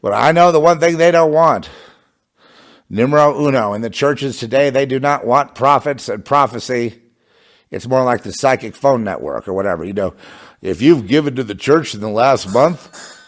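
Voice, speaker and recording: A man delivering an impassioned religious monologue, fervent and sarcastic, with bursts of scornful laughter. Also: medium pitch. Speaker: religious commentator.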